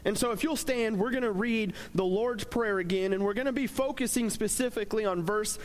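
A man's voice: high voice, brisk. A young man giving a casual, joking sermon as a pastor, talking conversationally with plenty of fillers.

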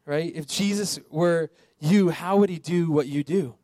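A man delivers a sermon in a casual, talking-to-friends way, peppering it with rhetorical questions. His voice sits a bit high for a man. The sound is dry and close, with no room echo. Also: unhurried, warm tone. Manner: conversational preaching with rhetorical questions. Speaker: pastor.

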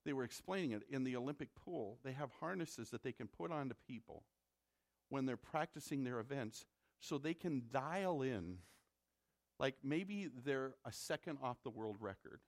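A man's voice: medium pitch, animated, normal speed. A man from the Midwest preaching a sermon as a pastor, in a conversational way that repeats words when he presses a point.

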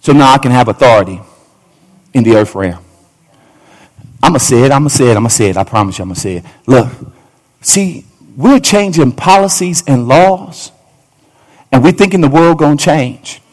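A man's voice: mid-range voice, lively intonation, moderate pace, long pauses, darkish tone. A male pastor preaching a fervent sermon in a church, repeating phrases and talking straight to the congregation. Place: church sanctuary.

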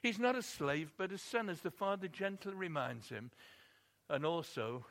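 A man's voice: a little high, animated, normal speed, fairly bright tone. A man preaching a sermon, telling a story expressively and building emphasis on key points.

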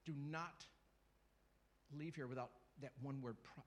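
A middle-aged guest preacher delivers a sermon to a church congregation, joking around, doing little character voices, and calling out to the crowd. His voice sits in the mid range, and he speaks a bit slowly.

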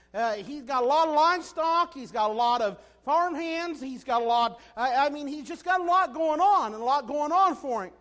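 A man preaching a sermon in a folksy, animated way, often asking his listeners "right?". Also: extremely high pitch, normal speed.

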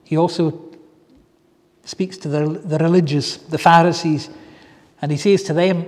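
Fervent high-voiced male preacher in a reverberant hall. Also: steady tone, a little mellow. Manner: fervent, drawn-out pleading exclamations. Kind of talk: sermon. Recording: echoey hall with long reverb.

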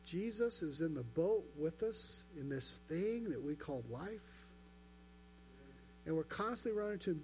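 High-voiced man preaching a sermon. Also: lively intonation, a little slow, a little hiss or hum. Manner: rhetorical questions, repetition for emphasis. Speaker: pastor.

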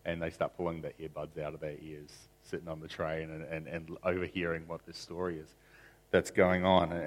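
Low voiced guy preaching, earnest, keeps restarting words, tells a story then prays. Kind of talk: sermon story and spoken prayer.

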